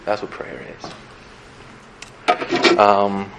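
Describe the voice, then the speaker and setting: A man's voice: on the low side, flat delivery, extremely slow, vocal fry, dull audio, noisy background. A young man giving a casual, conversational sermon as a pastor, playfully acting out little scenes.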